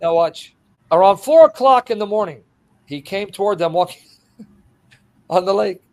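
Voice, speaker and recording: A man preaching an expository sermon, animated and laughing as he acts out the scenes. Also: high-pitched, unhurried.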